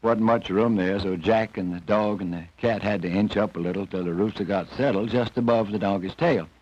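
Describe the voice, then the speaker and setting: A man's voice: lowish voice, brisk, a little mellow. A man telling a folk tale in a folksy, homespun drawl, from an old film soundtrack. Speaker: storyteller. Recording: dull old film soundtrack, faint music.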